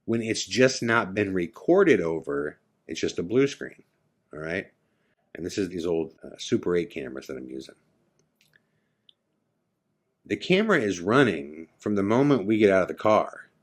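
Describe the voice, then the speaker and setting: A man's voice: sits low, sing-song, moderate pace. A middle-aged man hosting a podcast, telling a personal story in a loose, conversational way full of fillers. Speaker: podcast host. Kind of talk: casual storytelling of a personal ghost experience.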